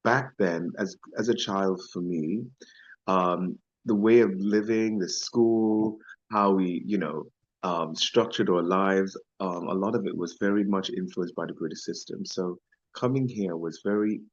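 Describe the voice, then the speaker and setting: A middle-aged Belizean man with a low voice and Belizean accent speaks unhurriedly as a guest in a casual conversational interview, on a muffled recording. He comes across thoughtful and hesitant, using many fillers.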